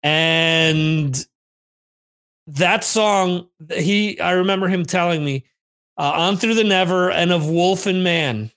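In a high, slightly bright voice and at a slow pace, a man hosting a podcast spins rambling, cuss-filled stories. He's answering listener questions in a relaxed monologue filmed for streamed video.

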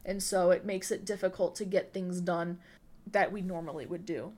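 A woman's voice: on the low side, steady tone, normal speed, dark tone. A woman hosting a podcast, chatting casually and rambling with lots of fillers. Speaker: podcast host.

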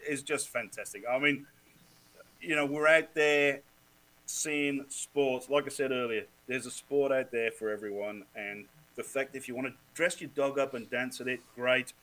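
Guy from wales chatting on a podcast, bright forceful voice, swears a lot, laughs easy. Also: medium pitch, moderate pace, rough recording. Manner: lively storyteller, swears freely, laughs often. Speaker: podcast guest. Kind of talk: casual chat.

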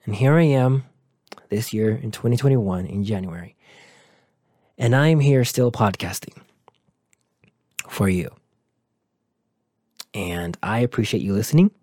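A man's voice: fairly low pitch, lively intonation, measured pace, pauses often, mellow, no echo, clean studio sound. Earnest man hosting a motivational podcast. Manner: earnest, encouraging, rambling. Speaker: podcast host.

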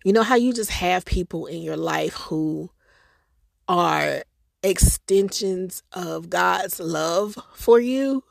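A woman hosts her podcast, telling a personal story with feeling and bursts of laughter. Her voice sits fairly low and has a gravelly texture. The recording is dry and close, with no room sound. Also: takes it slowly, no echo. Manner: emotional, expressive storytelling with laughter. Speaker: podcast host.

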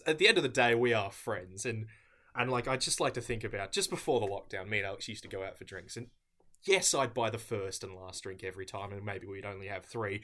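A male podcast co-host with a very bright, forceful tone. He delivers teasing rants in a theatrical, speechifying way during a comic mock debate. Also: fairly low pitch.

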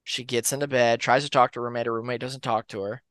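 A man co-hosting a podcast, telling urban legends in a relaxed, rambling way with fillers and restarts. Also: medium pitch, fast talker, no echo. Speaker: podcast co-host. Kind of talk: casual storytelling of urban legends.

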